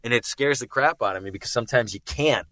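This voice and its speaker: A man with a Boston accent, a guest on the show, chatting in an animated, rambling way with lots of restarts and quick laughs. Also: medium pitch, dry recording. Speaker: guest, voice impressionist. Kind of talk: casual chat.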